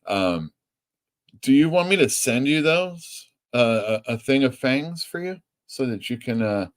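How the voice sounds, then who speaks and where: As owner of a comic store and host of a live stream show, a man chats loosely in an expressive, medium-pitched voice. He wanders off topic, swears freely and laughs quickly.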